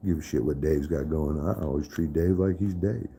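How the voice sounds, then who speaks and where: A man's voice: a bass voice, a little fast, vocal fry, warm tone, slight background noise. A man in a casual live stream chat, profane and trash-talking, laughing often.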